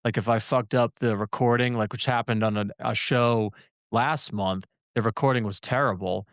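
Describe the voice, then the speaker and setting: A man hosting a podcast interview, relaxed and agreeable, swearing casually as he chats. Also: medium pitch, normal speed, no room sound, clean studio sound. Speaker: podcast host.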